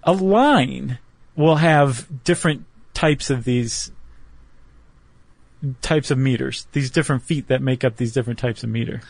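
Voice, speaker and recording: A man's voice: medium pitch, unhurried, creaky, no room sound. A man co-hosting a podcast, explaining things step by step in casual chat with small self-deprecating jokes. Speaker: podcast co-host.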